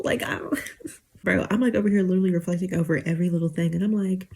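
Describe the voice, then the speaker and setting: Twenties woman venting on her channel at 1am, teary and rambly, kinda husky mellow voice. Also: on the low side, fairly even intonation, fast talker. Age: 20s. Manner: emotional, on the verge of tears, rambling with many fillers. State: teary, holding back tears. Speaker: YouTuber. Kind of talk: late-night casual rant to camera.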